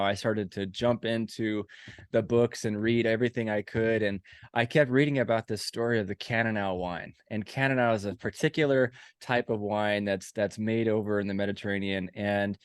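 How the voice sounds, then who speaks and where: A man's voice: fairly low pitch, moderate pace, clear, resonant tone, no echo, studio quality. A man in his forties hosting a podcast, telling stories in a rambling, self-mocking way. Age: 40s. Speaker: podcast host. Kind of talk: casual podcast chat.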